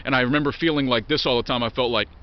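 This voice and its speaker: A man's voice: medium pitch, rapid-fire. Blunt, foul-mouthed man on a lo-fi vlog. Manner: blunt, heavily profane, rambling with restarts. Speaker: vlogger. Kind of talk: candid personal monologue. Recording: dull lo-fi recording.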